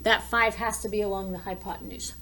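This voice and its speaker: Here a female teacher talks her way through math problems in a taped lesson, sketching and solving as she goes. She speaks at a medium pitch with fairly even intonation, and her delivery is brisk and sharp.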